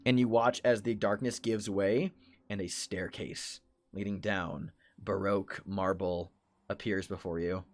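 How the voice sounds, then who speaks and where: A man's voice: low voice, fairly even intonation, measured pace. A man narrating as game master of a horror tabletop game, describing scenes ominously.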